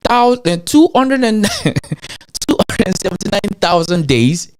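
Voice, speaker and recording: A man with an African accent hosting a show, talking to his audience in an animated rant full of rhetorical questions. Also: high voice, slow, a little hiss or hum. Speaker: show host. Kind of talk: animated ranting commentary.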